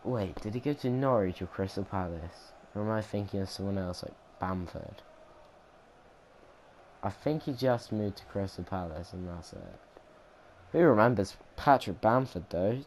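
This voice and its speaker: A man's voice: on the low side, moderate pace, darkish tone, low-quality recording. A young man casually commentating his football game footage, rambling and chatty with many ums and restarts. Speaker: gaming commentator. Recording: noticeable background noise.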